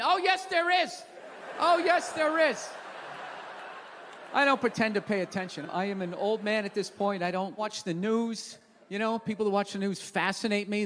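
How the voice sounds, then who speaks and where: A man doing a stand-up comedy set on stage, ranting and swearing and shouting his punchlines. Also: very high-pitched, moderate pace. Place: live comedy venue stage. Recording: reverberant live hall with crowd noise. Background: audience laughter.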